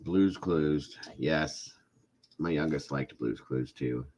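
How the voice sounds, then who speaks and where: A man's voice: a bass voice, takes it slowly, a little mellow. A middle-aged man hosting a casual live stream, chatting with viewers and often breaking into laughing fits. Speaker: livestream host chatting with viewers.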